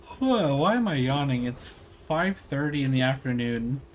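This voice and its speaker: A man's voice: mid-range voice, animated, normal speed, slight background noise. A young man casually commenting on his gameplay, rambling with fillers and slang. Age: young adult. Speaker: gameplay streamer.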